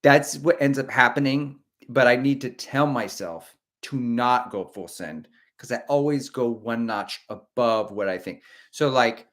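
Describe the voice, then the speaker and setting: A man's voice: mid-range voice, unhurried, few pauses, a bit bright. Brief: middle-aged male streamer, casual, chatty, reads comments aloud. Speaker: host of a running livestream. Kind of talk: casual livestream chat.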